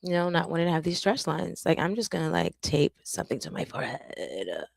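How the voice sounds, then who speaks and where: A woman content creator chats and jokes casually with her viewers on a live stream, animated and cutting herself off. Her voice is low, brisk and creaky, and the recording is dry.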